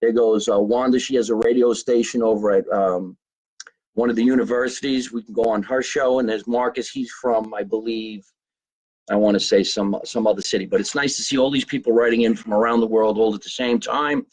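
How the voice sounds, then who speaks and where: A man's voice: lowish voice, fairly even intonation, fairly quick, darkish tone. A man hosting a casual live podcast, joking loosely and reading viewer comments aloud. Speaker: podcast host. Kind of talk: casual live show chat. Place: basement at home.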